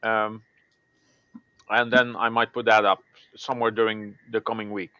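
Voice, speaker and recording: A man chatting casually on a livestream, relaxed and hesitant. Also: lowish voice, normal speed, smooth, dry recording. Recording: dry lo-fi call audio.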